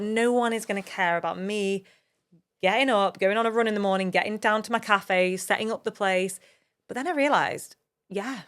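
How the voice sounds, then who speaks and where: A woman in her thirties from England talks on her solo podcast in an open, earnest, motivational way. Her pitch sits in a middle range, and she speaks candidly, drawing on her own experiences to urge listeners on. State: emotional at times. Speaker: podcast host.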